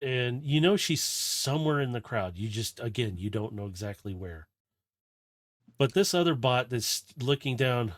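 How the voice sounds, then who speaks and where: A man's voice: mid-range voice, expressive, normal speed, no room sound. A man running a tabletop game as game master, narrating scenes in a loose, rambling way. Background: faint fight music.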